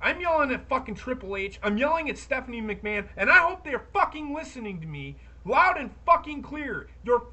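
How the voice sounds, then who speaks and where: A woman's voice: high-pitched, sing-song, brisk, few pauses, pushed and bright. A woman co-hosting a wrestling podcast, ranting and swearing heavily in casual chat. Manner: profane, ranting, heated. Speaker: podcast co-host.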